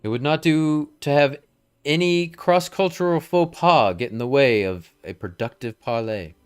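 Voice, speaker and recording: A man's voice: fairly high pitch, normal speed, smooth, lightly acted. A man voicing a stern, formal male military commander with a stately, old-fashioned delivery, reading game dialogue aloud.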